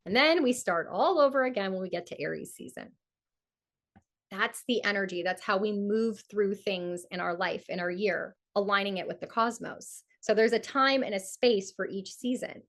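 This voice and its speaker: A woman astrologer leading a live community event, teaching in a lively way and acting out inner voices with repeated phrases for emphasis. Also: medium pitch, moderate pace. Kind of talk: energetic teaching talk with guided ritual.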